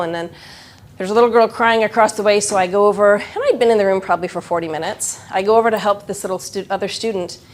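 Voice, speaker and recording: A middle-aged woman giving a live workshop presentation to educators, talking in an animated way. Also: medium pitch. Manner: animated, acts out children's voices.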